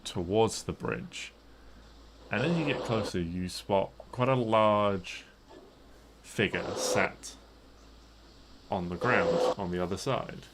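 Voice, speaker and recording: A man running a tabletop game, speaking in a fairly low voice. He narrates the scene at an easy pace with plenty of fillers, and there is clear noise behind him. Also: slow pace, pauses often. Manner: relaxed, rambling description with many fillers. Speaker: game master.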